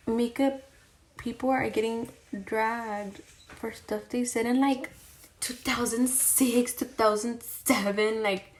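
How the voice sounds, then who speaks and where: A woman's voice: fairly high pitch, slight background noise. A young woman chatting casually while she does her makeup on camera, talking herself through each step. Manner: chatty, self-deprecating, talks to herself mid-task. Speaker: beauty vlogger. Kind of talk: casual get-ready-with-me chat while doing makeup.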